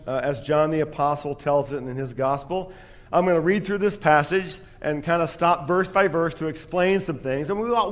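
A man's voice: a little high, big-room sound. A man preaching a sermon as pastor, telling a story with self-deprecating humor.

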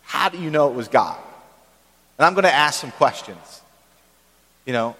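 A man preaching a sermon in a church, talking conversationally and checking in with the congregation with quick asides. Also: a little high, animated, sharp tone, in a large hall. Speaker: pastor.

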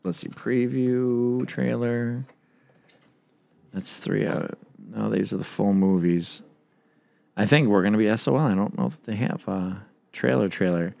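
A man's voice: lowish voice, a little slow, creaky, pauses often, a little mellow. A man hosting a film review podcast, loosely recapping a movie in casual chat, full of filler words. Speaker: podcast host.

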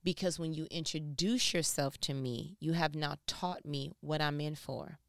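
A woman's voice: deep voice, steady tone, moderate pace, creaky, no room sound, clean studio sound. A woman giving a casual, joking devotional talk, speaking straight to the listener. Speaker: Bible teacher.

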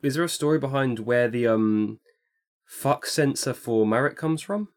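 A man in a casual podcast chat, chiming in with quick questions. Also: medium pitch.

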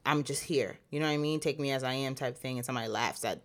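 A woman's voice: a bass voice, very fast. A woman co-hosting a casual podcast, talkative and open, filling her speech with "like" and "you know.". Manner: talkative, many "like" fillers, animated retelling. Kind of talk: casual chat.

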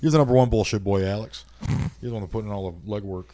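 A man's voice: lowish voice, fast talker, mellow. A man co-hosting a podcast, joking and teasing in casual chat. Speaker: podcast co-host.

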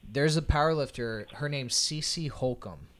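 A man co-hosting a podcast, telling lifting stories in an animated, excited way with casual swearing. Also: mid-range voice, measured pace. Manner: animated, hyped storytelling, swearing. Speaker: podcast co-host, powerlifter. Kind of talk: casual chat.

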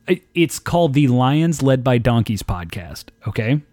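A man's voice: medium pitch, very animated, measured pace, darkish tone, no echo. A man co-hosting a casual podcast, ranting animatedly and swearing heavily as he talks. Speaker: podcast co-host. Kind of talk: casual profane podcast chat.

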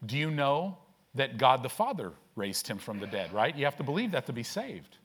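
A male pastor delivering a sermon in church, preaching with energy in quick bursts, asking rhetorical questions and trading call-and-response with the congregation. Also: medium pitch, very animated, a bit bright, slightly rough.

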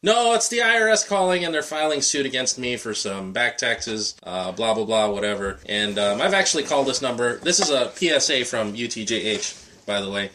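A man's voice: on the low side, expressive, a little fast, bright, forceful tone, a little hiss or hum. A man hosting a podcast, telling a story in casual chat with a wry, exasperated tone. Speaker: podcast host.

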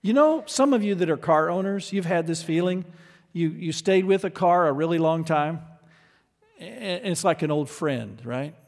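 Male preacher, sermon, earnest, soft asides then loud emphasis, slightly high voice, long hall reverb. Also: expressive, normal speed.

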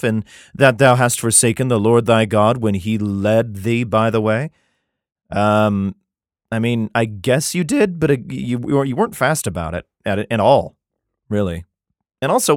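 A man's voice: medium pitch, expressive, no echo, clean studio sound. A man reading old scripture verses aloud and breaking in with sarcastic, irreverent comments that include swearing. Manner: plain unhurried reading of archaic verse.

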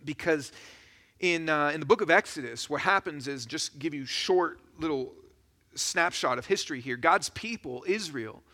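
A man preaching a sermon as a pastor, in a conversational, animated storytelling manner. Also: a little high, moderate pace.

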